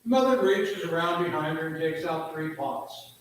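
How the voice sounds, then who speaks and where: A man, a church minister, preaching a sermon as he tells an illustrative story with drawn-out pauses. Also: fairly high pitch, a little hiss or hum.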